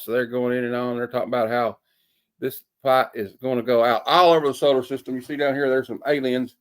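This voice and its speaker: A man's voice: medium pitch, steady tone, fairly quick. Brief: man in a mid-range voice, laid-back comic reviewer, hesitant and full of fillers, homespun turns of phrase. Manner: rambling, hesitant with many fillers; folksy sayings.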